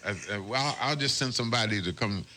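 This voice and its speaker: A man's voice: on the low side, quick pace, bright, forceful tone. A man with a Southern US accent hosting a local morning radio show, chatting and joking on air. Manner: jokey, upbeat, chatty. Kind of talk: casual on-air banter. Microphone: studio microphone.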